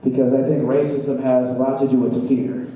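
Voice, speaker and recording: A man doing a stand-up set at an open mic, with a halting, meandering delivery full of fillers and trailing asides. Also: medium pitch, little pitch movement, warm tone. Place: small bar open mic stage, indoors. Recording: echoey bar from a distant camera with faint room noise.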